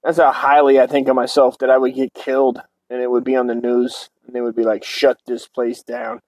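A man's voice: mid-range voice, level tone, fast, a little mellow, dry recording, rough recording. Foul-mouthed ranting man, dry close sound. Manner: crude, rambling, swearing constantly. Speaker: show host. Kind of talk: profane comedic rant.

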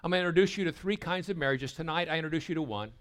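An older man giving a sermon at a retreat, telling stories and stumbling over repeated words as he begins a thought, sometimes dropping to a hushed voice. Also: a little high, very fast. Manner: storytelling, dropping to a hushed voice for tender moments. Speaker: retreat speaker.

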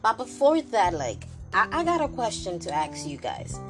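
A woman's voice: medium pitch, wildly swooping pitch, normal speed. A woman with a Ghanaian accent hosting her podcast, chatty and bubbly with playful asides. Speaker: podcast host. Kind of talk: casual podcast chat. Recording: music playing behind.

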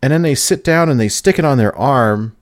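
A man casually telling a long story on a podcast, excited and laughing as he goes, often acting out quotes. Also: mid-range voice, a little fast, no room sound, clean studio sound. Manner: animated storytelling, laughs, mimics people in quotes. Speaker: podcast host.

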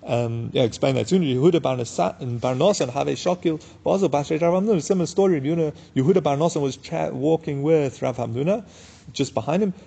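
Gravelly, husky man teaching a Talmud class. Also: a little high, mellow. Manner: reads Aramaic text, then explains it in English; casual and unhurried, with many fillers. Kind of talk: daf yomi Talmud class.

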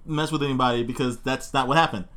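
A man's voice: medium pitch, fairly even intonation, fast talker, a bit bright. A man co-hosting a casual podcast, joking sarcastically and bantering with his co-host. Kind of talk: casual profane chat.

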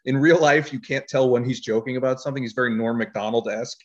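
This filmmaker guest has a mid-range voice, a steady tone, and a quick pace. He chats casually in an interview about his filmmaking, rambling as he tells stories and laughing frequently. The recording is dull and lo-fi.

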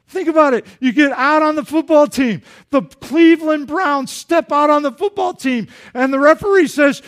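Animated male pastor with a high voice, preaching a lively sermon. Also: moderate pace, hardly any pauses. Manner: animated, acts out dialogue, jokes with congregation.

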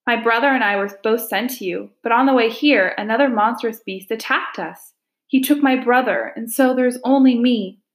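A woman's voice: on the high side, normal speed, echoey room, voice pushed up, natural voice. A woman voicing a frightened little girl who pleads before a tiger spirit in a storybook reading, her voice quivering. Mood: pleading.

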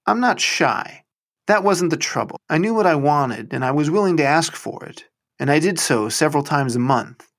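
A man's voice: fairly high pitch, lively intonation, normal speed, a bit bright. A man reading a short story aloud in the first person, with a wry, understated delivery.

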